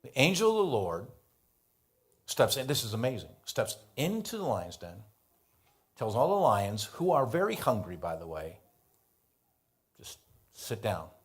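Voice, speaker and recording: American guy preaching, acts out the story, goes loud then soft. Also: mid-range voice, moderate pace. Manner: animated storytelling, acts out biblical dialogue. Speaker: pastor. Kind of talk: sermon.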